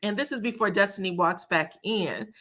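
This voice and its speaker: At normal speed and medium pitch, a young woman on YouTube breaks down a reality TV episode with lively slang, dramatizing each line she repeats.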